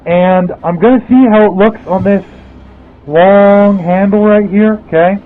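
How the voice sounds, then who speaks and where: A man's voice: high voice, a little slow. A man talking through his work in a workshop, rambling and thinking aloud on a headset mic. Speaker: blacksmith vlogger. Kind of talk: casual workshop commentary. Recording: tinny phone-like sound, faint music.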